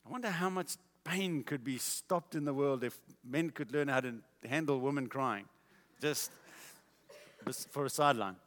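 A man preaching a sermon, telling a story in a casual, animated way. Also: mid-range voice, moderate pace, long reverb tail.

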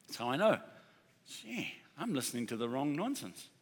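Man, pastor, sermon, mid-pitched voice, conversational preaching, repeats key words, long reverb from a big hall. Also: very animated, normal speed, husky. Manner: conversational preaching with acted-out dialogue and emphatic repetition.

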